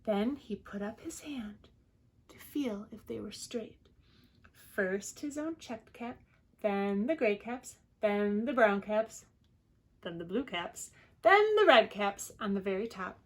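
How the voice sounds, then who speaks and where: A woman preschool teacher reading a picture book aloud to children in a gentle voice, with soft asides to them. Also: medium pitch, animated, slow. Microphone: home video recording.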